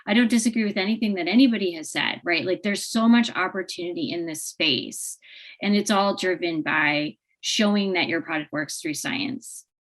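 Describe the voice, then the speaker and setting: A woman speaking as a panelist, briskly explaining with quick asides. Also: on the low side. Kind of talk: panel discussion.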